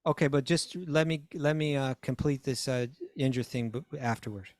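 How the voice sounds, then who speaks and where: A man's voice: mid-range voice, a little fast, no echo, studio quality. Man teasing as podcast co-host. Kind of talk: casual spiritual chat.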